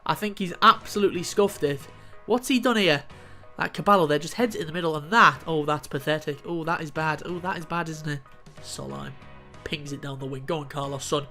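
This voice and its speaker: A young man casually commentating his own football video game, excitable and sweary, calling the play as it happens. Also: fairly high pitch, a little fast, faint music behind. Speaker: gaming YouTuber.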